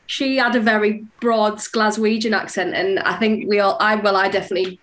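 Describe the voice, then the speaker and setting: A woman's voice: medium pitch, little pitch movement, fairly quick, a bit bright, slight background noise. A woman from England, an actress chatting on a video call, correcting herself and laughing often. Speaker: actress, interview guest. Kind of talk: casual video-call interview.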